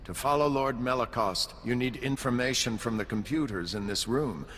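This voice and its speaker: A man voicing a calm, dignified Jedi Master in a video game, speaking in a measured, formal way. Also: mid-range voice, long reverb tail, slight background noise, close to an everyday voice.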